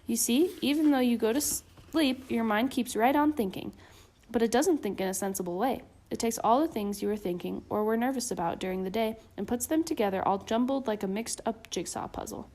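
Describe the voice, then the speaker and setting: A patient bear mother from a storybook soothes her frightened cub with soft, careful explanations. A woman acts her out in a voice close to her own, a touch higher than most women. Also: fairly quick, natural voice. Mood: soothing.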